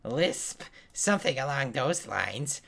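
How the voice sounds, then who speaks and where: A man's voice: mid-range voice, sing-song, slow, creaky, a bit bright, exaggerated voice. A man voicing a pompous old male priest in a game, lofty and sermonizing.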